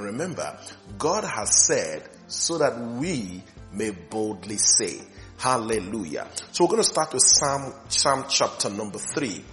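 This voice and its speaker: A male pastor teaching a recorded sermon, reading scripture slowly and repeating key lines for emphasis. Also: medium pitch, fairly bright tone.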